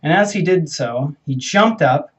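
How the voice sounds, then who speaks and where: Young guy rambling thru a made up story while getting a haircut, kinda high voice, muffled lo-fi audio. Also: lively intonation, unhurried, a little hiss or hum. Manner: playful, rambling, self-correcting. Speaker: vlogger. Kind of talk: casual storytelling during a haircut.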